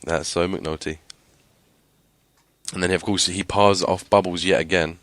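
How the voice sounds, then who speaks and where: Very deep-voiced man chatting. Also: steady tone, measured pace, fairly bright tone, no echo. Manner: chatty, laughs often, hesitant fillers. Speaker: podcast co-host. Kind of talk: casual TV recap chat.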